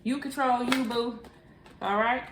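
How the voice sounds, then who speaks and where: A woman's voice: fairly high pitch, fairly even intonation, a little slow. A woman doing a casual tarot reading in a chatty, familiar way, calling the listener boo and honey. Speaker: tarot reader. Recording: echoey room, faint hiss.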